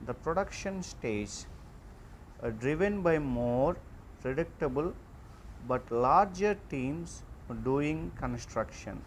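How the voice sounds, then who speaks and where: A man giving an online class lecture, reading out slide points in a slow, halting way with frequent fillers. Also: a little high, lively intonation, a little hiss or hum.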